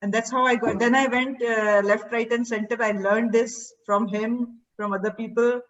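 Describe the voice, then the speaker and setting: A higher-voiced woman gives a lively personal testimonial and acts out bits of dialogue as she goes. She sits a little back from the mic, and the recording sounds dull and lo-fi. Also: moderate pace, recorded from a distance, a little hiss or hum. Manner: animated storytelling, acting out remembered dialogue. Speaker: seed therapy teacher.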